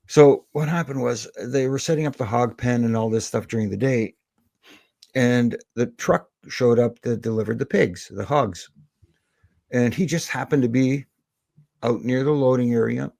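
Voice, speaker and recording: A middle-aged man, a former wrestling referee, telling lively anecdotes as a podcast guest and slipping into the voices of the people in them. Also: mid-range voice, moderate pace, gravelly, no room sound. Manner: animated anecdotes with quoted voices. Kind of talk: storytelling in a podcast interview.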